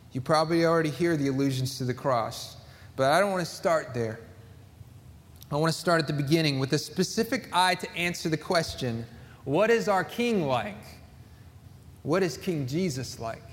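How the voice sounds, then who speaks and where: A man's voice: a little high, in a large hall. A man preaching a sermon, reading scripture aloud and driving his points home with emphatic repetition. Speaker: pastor.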